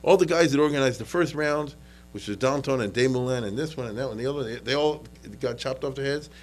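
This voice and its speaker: A man's voice: medium pitch, fast, slight background noise, rough recording. A man giving an informal history lecture in a conversational way, often checking that listeners follow and repeating words as he restarts. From United States. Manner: conversational, checks in with "okay?" and "you understand?"; frequent restarts and repetitions.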